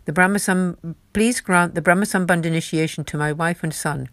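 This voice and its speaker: A woman's voice: fairly low pitch, normal speed, a bit bright, no room sound. Woman reading as an earnest humble devotee man. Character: devout humble grown man, earnest disciple.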